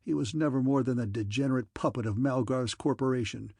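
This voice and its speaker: A defiant rebel spits his contempt, voiced by a man reading an audiobook. The tone is gravelly and husky. It is recorded close and dry. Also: mid-range voice, fairly quick, dark tone, no echo. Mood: scornful.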